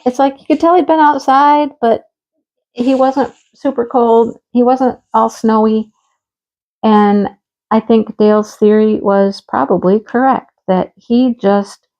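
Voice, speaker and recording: A woman's voice: medium pitch, a little mellow, highs cut off. A woman hosting a casual crafting chat, telling a story in a chatty way and acting out the dialogue. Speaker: crafting channel host. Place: rural home.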